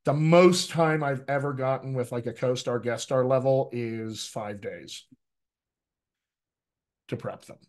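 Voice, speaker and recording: A man with an American accent, a dialect coach giving a lively, teacherly talk to actors over a video call, often checking in with "right?". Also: medium pitch. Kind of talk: live online coaching talk.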